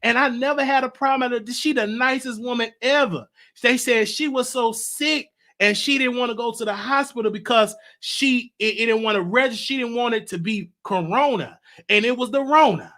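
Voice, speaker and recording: A man hosting a casual monologue, animated, stammering and repeating himself. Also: extremely high pitch, brisk. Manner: animated, repetitive, stammering restarts. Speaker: show host.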